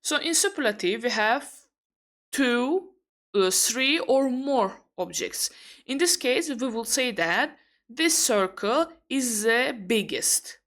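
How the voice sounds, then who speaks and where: A young woman from Azerbaijan teaches English grammar in an online lesson. She talks at an unhurried, measured pace. She pauses often and corrects herself as she explains. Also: a little high, animated, a bit bright.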